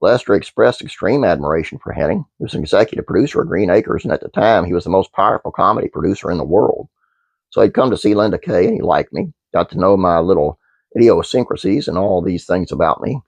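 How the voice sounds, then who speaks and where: A man's voice: sits low, lively intonation, quick pace, vocal fry, breathy edge, no echo. A man hosting his own channel, reading a trivia script aloud with fillers and restarts, then chatting casually to viewers. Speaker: channel host.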